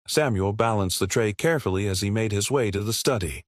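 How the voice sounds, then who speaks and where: A man narrating a scripted story in a steady, measured way. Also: on the low side, dry recording, clean studio sound.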